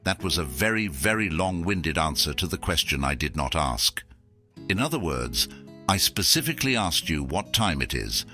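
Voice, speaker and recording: A man's voice: rumbling low, bright, forceful tone. A man in a comedy sketch who talks in a sarcastic, exasperated way. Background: faint music.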